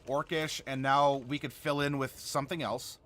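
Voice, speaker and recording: A man's voice: medium pitch, flat delivery, moderate pace, a bit bright. A man hosting a live stream, chatting casually and answering viewer comments while he builds a game character. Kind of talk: casual livestream chat.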